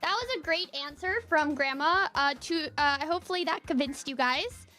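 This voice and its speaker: A woman's voice: sits high, normal speed, bright, forceful tone. A woman streaming, chatting casually in a giggly, scattered way, with faint music behind. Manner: giggly, scattered, frequent laughs. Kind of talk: casual chat.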